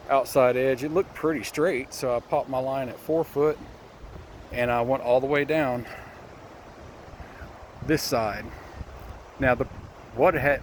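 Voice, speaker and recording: A man's voice: mid-range voice, slight background noise. A contractor, slightly out of breath, gives a plainspoken walkthrough of finished work, often restarting sentences as he points things out. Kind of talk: casual walkthrough update. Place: outdoors at a building site.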